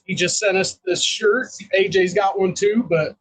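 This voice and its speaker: A man hosting a casual livestream, relaxed and joking as he greets viewers in the chat. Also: high-pitched, unhurried, slight background noise, low-quality recording. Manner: laid-back, laughing, shout-outs to chat. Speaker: host.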